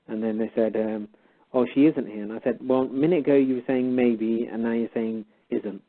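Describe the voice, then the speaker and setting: A man's voice: mid-range voice, fairly even intonation, fairly quick. A man casually retelling a story, animatedly acting out both sides of a conversation. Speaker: guest storyteller. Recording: tinny phone-like line.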